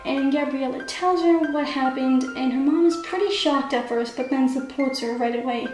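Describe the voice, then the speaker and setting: A woman with a high, slightly mellow voice talks at a normal speed, casually recapping the plot of a story she wrote. She's an amateur writer, and her chatty summary is packed with "like" and "kinda." The recording has an echoey room and faint music in the background.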